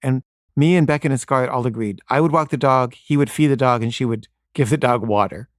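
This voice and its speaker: A man's voice: medium pitch, a little fast, no room sound. Guy telling a story about his family, chatty with lots of fillers, dead dry sound. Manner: conversational, with many fillers. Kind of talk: personal story told to an audience.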